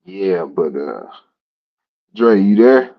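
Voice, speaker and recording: A man co-hosting a podcast stream, relaxed, mostly short agreeing replies. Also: low-pitched, extremely slow, lo-fi sound. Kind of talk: casual livestream chat.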